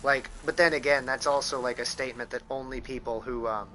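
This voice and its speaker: A man's voice: mid-range voice, fairly even intonation, brisk, sharp tone, a little hiss or hum. A young man from Kansas with a Midwestern American accent, rambling profanely with lots of fillers in casual gameplay commentary at home. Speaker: gaming streamer.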